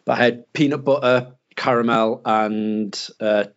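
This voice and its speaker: A British man in casual chat, telling an animated story and mimicking people in a higher voice. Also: a little slow. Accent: British English. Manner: animated, acts out quotes in a higher voice. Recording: slightly dull lo-fi sound.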